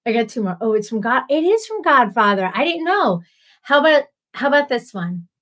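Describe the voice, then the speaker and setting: A woman with a slightly raised voice hosts a relaxed live stream. She talks to her viewers in an easy, chatty way, laughing often and answering people by name. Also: a little high, brisk. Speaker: livestream host. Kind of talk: casual live-stream chat.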